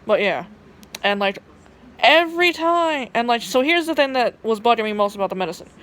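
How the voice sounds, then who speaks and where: A woman's voice: a little high, animated, fairly quick, fairly bright tone. A young woman with a Southern twang vlogs into her phone camera in a casual storytelling voice. Her talk rambles, full of cursing, "like" fillers and restarts. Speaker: vlogger.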